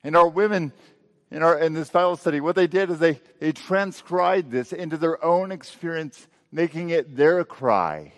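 A male pastor preaching a sermon, asking rhetorical questions and letting his voice swell and then drop low. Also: fairly even intonation, moderate pace, a bit bright, long reverb tail.

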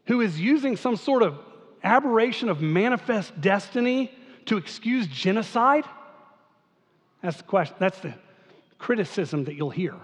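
High-voiced pastor preaching in a reverberant hall. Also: male voice, expressive, normal speed, pauses often. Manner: reads scripture then explains it conversationally, with rhetorical questions. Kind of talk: sermon.

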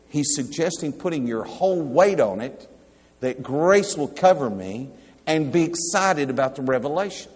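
A man's voice: a little high, a little mellow, slightly rough. Man preaching in a reverberant hall. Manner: conversational Bible teaching, reading verses aloud and asking the audience. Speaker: pastor. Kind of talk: sermon.

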